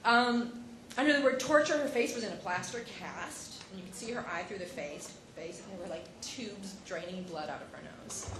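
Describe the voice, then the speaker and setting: A woman giving a personal speech at an event, tearful and halting, often breaking off and restarting. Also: lowish voice. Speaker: speaker at an event. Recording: echoey hall with background noise.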